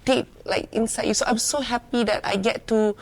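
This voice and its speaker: A woman's voice: fairly high pitch, fairly even intonation, a little fast. A woman host with a Malaysian accent, interviewing a guest and switching between Malay and English, with many "yeah"s. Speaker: talk show host. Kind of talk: friendly interview chat.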